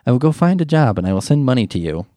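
A man reading out the gentle, earnest words of a selfless young brother. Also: medium pitch, very animated, very fast, no room sound, clean studio sound, close to an everyday voice. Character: devoted young boy, selfless little brother.

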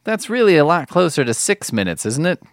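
Sarcastic man with a lively voice. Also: fairly high pitch, a little fast, no room sound, studio quality. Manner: mocking, incredulous. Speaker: host reacting to online videos. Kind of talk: sarcastic reaction commentary.

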